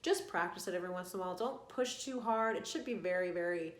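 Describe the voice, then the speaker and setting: A woman singing coach guiding an online vocal warm-up lesson, giving calm, coaxing instructions. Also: lowish voice, fast talker, echoey room.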